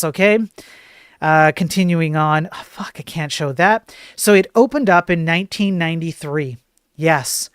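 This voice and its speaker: A man's voice: sits high, normal speed, clean tone, dry recording, studio quality. A man hosting a livestream, commenting casually on videos as he plays them, swearing often, repeating himself and reading on-screen text aloud. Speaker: livestream host.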